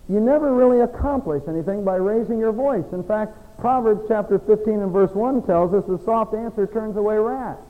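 A middle-aged male pastor preaching a sermon, folksy, swinging between soft, confiding passages and emphatic exhortation. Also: high voice. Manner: folksy, self-deprecating asides. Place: church sanctuary. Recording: long church reverb.

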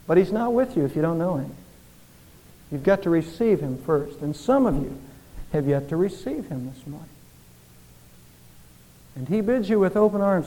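A male pastor with a high, mellow voice delivers an earnest sermon. He presses the congregation with rhetorical questions that swell and then drop to hushed pleading. The sound rings with a long church-hall reverb. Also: lively intonation, moderate pace, pauses often. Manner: earnest preaching with rising and falling intensity, rhetorical questions. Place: church sanctuary.

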